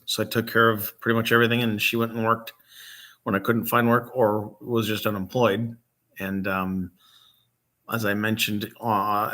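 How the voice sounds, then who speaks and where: A middle-aged man from Michigan talks unscripted to the camera in a fairly low, bright, tense voice. He is emotional and close to tears, halting often with ums as his voice catches. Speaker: grieving father and vlog host. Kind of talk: unscripted casual talk to camera.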